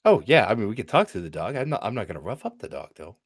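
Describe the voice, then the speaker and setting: A laid-back man with a low voice that swings widely up and down. He drawls through his turns at the table, padding his sentences with filler words. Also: sing-song, quick pace, vocal fry, husky. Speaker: player. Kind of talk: tabletop game chat.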